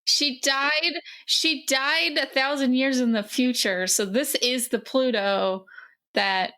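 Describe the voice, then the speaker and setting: A woman's voice: sits high, steady tone, slow pace, sharp tone. A woman co-hosting a podcast, chatting casually and explaining in a wry way with fillers. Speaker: podcast co-host. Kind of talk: casual chat.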